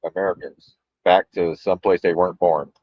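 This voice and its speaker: A man's voice: sits low, fairly even intonation, normal speed, dry recording. Sarcastic male co-host, dry dull mic, casual reaction chat. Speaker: podcast co-host.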